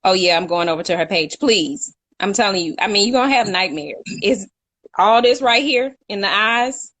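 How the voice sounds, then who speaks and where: A young woman with a medium-pitched, expressive, slightly bright voice co-hosts a casual live chat at a moderate pace, with no echo in the audio. She's chatty and laughs frequently as she reads out what viewers have written.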